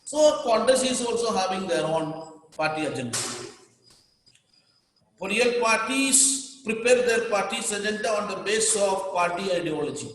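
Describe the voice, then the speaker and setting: A male teacher with an Indian English accent gives a classroom lecture and stops to define each term. He repeats key words so students can write them down, and his voice sits fairly high for a man. The recording is very echoey, with a long hall-like reverb. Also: animated, normal speed, a bit bright, a little hiss or hum.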